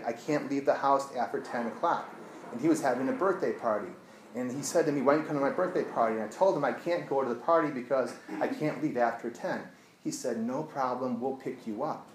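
A man working as an addiction therapist, telling a client story to an audience in an earnest voice that drops to a hushed tone when he retells it. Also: medium pitch, echoey room, a little hiss or hum, low-quality recording.

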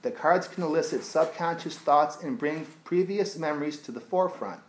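A man working as an addiction therapist, telling a client story to an audience in an earnest voice that drops to a hushed tone when he retells it. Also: fairly high pitch, normal speed, echoey room, slight background noise, rough recording.

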